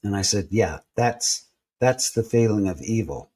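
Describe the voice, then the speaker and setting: A man telling personal stories in a relaxed interview, acting out the people he quotes as he goes. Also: on the low side, unhurried, slight background noise. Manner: animated storyteller acting out quoted voices. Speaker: guest. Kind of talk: storytelling in a conversational interview.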